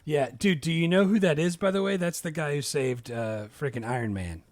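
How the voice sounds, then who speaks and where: Gravelly animated guy. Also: a little high, a little fast, no echo. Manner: animated, quotes scenes in put-on voices. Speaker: podcast co-host. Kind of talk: casual movie review chat.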